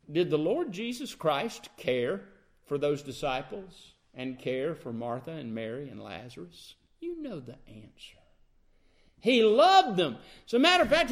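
A man's voice: high voice, very animated, normal speed. A man preaching a sermon, emphatic, asking the congregation rhetorical questions.

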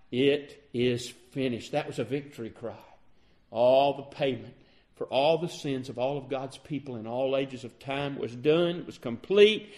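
A man preaching a sermon with dramatic swings between loud, high emphasis and low, quiet passages. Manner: dramatic preaching with wide swings in pitch and loudness.

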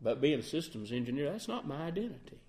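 A man's voice: on the high side, very animated, quick pace, a little mellow. A middle-aged man preaching a sermon in an earnest way, often asking his listeners questions and acting out sample phrasings. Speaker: lay preacher.

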